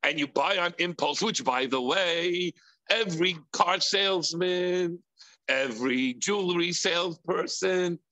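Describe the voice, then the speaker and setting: In an unhurried, sharp-toned delivery, the rabbi preaches, stressing his rhetorical questions. When he acts out impulsive voices, his pitch turns high and whiny.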